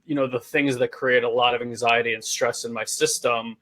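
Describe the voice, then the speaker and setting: A man's voice: mid-range voice, steady tone, fairly bright tone. Reflective man co-hosting a podcast. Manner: reflective, measured, agreeable. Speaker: podcast co-host and coach. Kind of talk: casual conversation.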